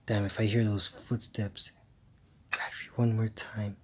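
Slow, exasperated man gaming. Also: fairly low pitch, level tone, slight background noise. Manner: jittery, exasperated muttering with hushed asides. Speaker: gamer playing a horror game. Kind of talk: let's-play commentary.

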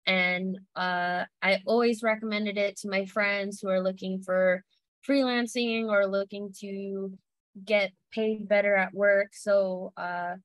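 A woman joining a group video call, sharing her thoughts in a hesitant way with many pauses and fillers. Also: medium pitch, steady tone, no room sound, rough recording. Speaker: session participant.

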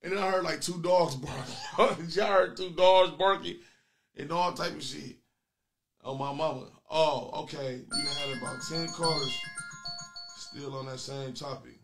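A man hosting a comedy call-in show with loud, crude, taunting banter aimed at his callers. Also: on the high side, unhurried, faint music behind.

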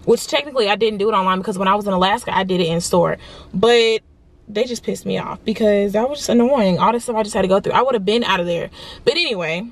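A woman vlogging to camera in a chatty, expressive way, calling her viewers y'all as she films with a handheld phone in stores and her car. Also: mid-range voice, fast. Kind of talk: casual vlog talk to camera. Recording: noisy background.

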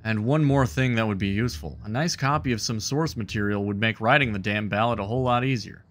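A man's voice: lowish voice, fast talker, a bit bright, close to an everyday voice. A man voicing a nervous, earnest young male bard while reading game dialogue aloud. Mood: earnest, wistful. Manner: reads the bard's lines aloud in his own voice.

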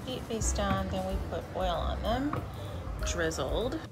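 A young woman vlogs casually while cooking in her home kitchen, chatting, laughing often and fretting out loud. Her mid-range voice is sing-song and slow, heard over loud music.

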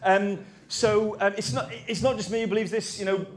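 A man's voice: high-pitched, steady tone, normal speed. A man giving a conference talk, rambling and self-deprecating, with jokey asides. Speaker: conference speaker.

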